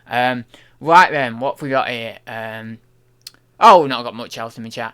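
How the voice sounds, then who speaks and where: Bright-voiced man rambling on stream. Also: medium pitch, moderate pace, smooth. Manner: rambling, thinking aloud, many restarts. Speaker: online reseller and streamer. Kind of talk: casual livestream chat while working.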